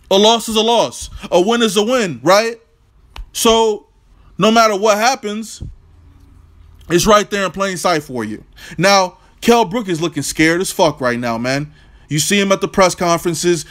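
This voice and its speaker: A man's voice: high voice, fairly bright tone. A man hosting an opinionated, profane boxing vlog rant, brash and combative. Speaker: boxing commentator, channel host.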